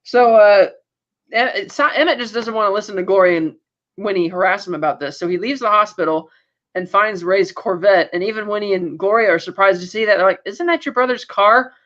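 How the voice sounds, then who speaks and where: A woman co-hosting a podcast, telling the plot in a lively, casual way. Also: medium pitch. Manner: lively storytelling, quickly recapping plot. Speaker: podcast co-host. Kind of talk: casual podcast episode recap. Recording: dull lo-fi sound.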